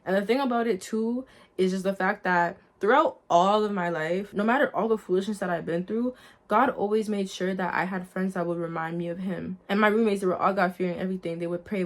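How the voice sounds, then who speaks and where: A woman's voice: fairly low pitch, brisk. A young adult woman sharing a personal faith testimony in a casual, earnest storytelling way, talking straight to her viewers. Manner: earnest, lively storytelling, addresses viewers as guys.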